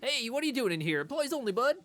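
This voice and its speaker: A man voicing a pushy, gruff saloon chef in a video game, talking in a snappy, bossy way. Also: very high voice, sing-song, fast, bright, forceful tone, pitched above the performer's own voice, heavily acted.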